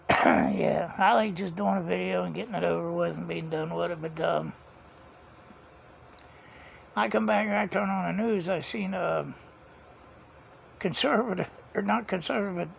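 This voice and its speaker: A man's voice: high voice, steady tone, unhurried, vocal fry, long pauses. A man, telling a rambling story in a casual vlog, chuckling often and retelling conversations. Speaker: vlogger. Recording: dull lo-fi sound, faint background hiss.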